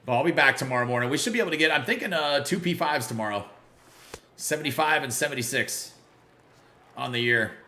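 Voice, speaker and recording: A man hosting a casual live game stream, greeting viewers by name and reacting loudly to big plays. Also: mid-range voice, animated, quick pace, reverberant, a little hiss or hum. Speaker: livestream gamer.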